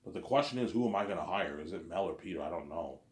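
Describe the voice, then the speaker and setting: Recorded in an echoey room, this vlogger's low, expressive voice moves at a quick pace with a darkish tone. He rambles casually on his own, looping back to repeat and restart phrases.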